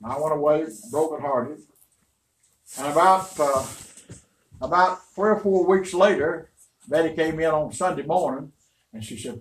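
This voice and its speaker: A man's voice: a little high, unhurried, pauses often. An older man, a pastor, preaching a storytelling sermon in a folksy, rambling, emphatic way. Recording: roomy, distant, faint noise.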